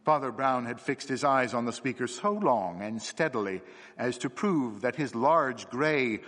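A man narrating a classic story for adults in an expressive, dramatic way, in a reverberant space. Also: mid-range voice, measured pace. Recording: long reverb.

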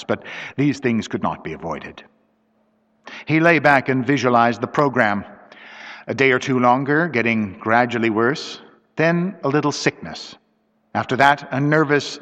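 A man narrating a mystery story in a measured, dramatic way, on a dull lo-fi recording with long reverb. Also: medium pitch, a bit bright.

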